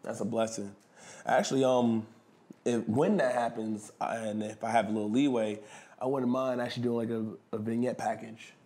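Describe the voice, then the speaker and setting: A man's voice: mid-range voice, normal speed. A man being interviewed, telling a backstage story in slangy casual speech, swearing freely and acting out what others said. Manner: animated storyteller who acts out quotes loudly. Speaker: wrestler and guest.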